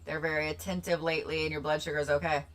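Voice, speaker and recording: A woman hosting a casual livestream, rambling and repeating herself with sudden excitable bursts. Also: low-pitched, very fast. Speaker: livestream host.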